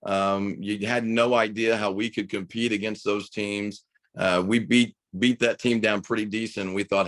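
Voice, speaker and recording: Enthusiastic low-voiced male coach. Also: steady tone, moderate pace, a bit bright, dry recording. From United States. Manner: enthusiastic, reflective storyteller. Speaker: high school basketball coach and radio broadcaster. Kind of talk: podcast interview, telling a story.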